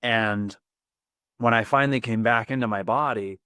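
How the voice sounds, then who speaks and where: A man as a podcast guest, telling a personal story in an earnest, vivid and excitable way, often repeating words. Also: medium pitch, normal speed, clean tone, no echo, clean studio sound.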